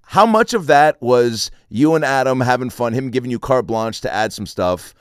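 A man's voice: mid-range voice, expressive, normal speed, clear, resonant tone, dry recording, clean studio sound. A man hosting a casual interview, asking eager, joking questions. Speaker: podcast host.

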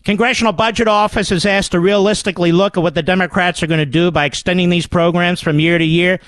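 A man's voice: sits high, steady tone, fast, a bit bright, no room sound, clean studio sound. A man hosting a political talk radio show, delivering a combative and sarcastic monologue.

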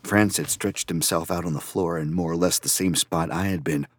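A man reading scripted first-person narration in a measured, reflective way. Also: low-pitched, fairly even intonation. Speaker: audiobook narrator.

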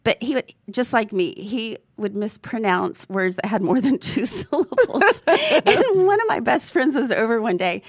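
A woman's voice: fairly high pitch, big pitch swings, measured pace, hardly any pauses, breathy edge, no room sound. A woman co-hosting a casual podcast chat, telling stories and laughing often as she talks. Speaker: podcast co-host.

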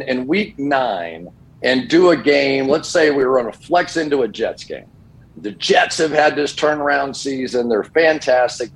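An older man talking in a medium voice, a football broadcaster who tells his stories with animated, swooping pitch and acts out every quoted line. He sounds like a guest on a remote call with a sports talk show. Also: poor audio.

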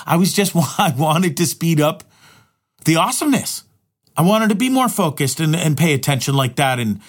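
A man's voice: on the high side, husky. A middle-aged man vlogging a candid personal monologue, rambling and swearing heavily, often restarting his words. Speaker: vlogger and live streamer.

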